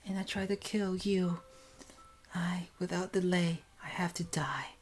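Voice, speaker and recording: A woman voicing an anguished, guilt-ridden young woman in a hushed, breathy whispered role-play. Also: lowish voice, a little slow, voice pushed up, lightly acted. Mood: despairing.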